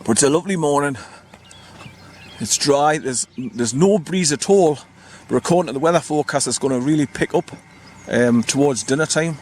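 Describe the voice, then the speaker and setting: A man's voice: mid-range voice, a little hiss or hum. A man vlogging by his parked car in the countryside, chatty and rambling, spelling out place names as he goes. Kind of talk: casual walking vlog narration.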